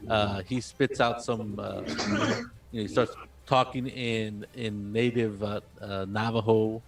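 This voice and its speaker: Spielleiter mit stockender Sprechweise. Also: male voice, lowish voice, level tone, creaky, noisy background. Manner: halting, many fillers, laughs often. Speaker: game master. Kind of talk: running a tabletop role-playing game.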